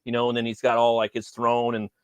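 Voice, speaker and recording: A man's voice: medium pitch, monotone, fast talker, smooth, no room sound. A man from California, host of a casual chat, talking in a laid-back, rambling way and swearing freely.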